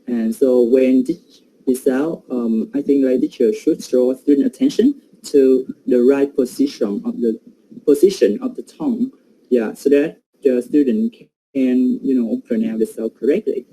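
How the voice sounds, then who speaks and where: A man's voice: medium pitch, measured pace, dark tone, slight background noise, rough recording. A man giving an academic presentation on pronunciation, hesitant and full of fillers.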